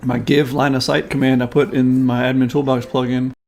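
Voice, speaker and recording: A man's voice: mid-range voice, level tone, a little fast, vocal fry, a little mellow. A man in casual chat, explaining technical things in a matter-of-fact way and swearing freely. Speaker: plugin developer for a game server.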